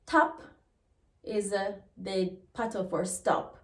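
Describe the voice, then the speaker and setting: A woman with a Jamaican accent teaching a language lesson, slowly repeating example words. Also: medium pitch, expressive. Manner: slow and deliberate, repeats example words, laughs now and then. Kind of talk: lesson explaining pronunciation rules. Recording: echoey room.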